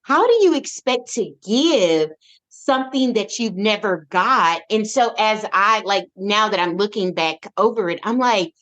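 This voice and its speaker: A woman guest on a podcast, telling her parenting story in an expressive, animated way, with frequent restarts. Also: medium pitch, unhurried. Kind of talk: casual conversational interview.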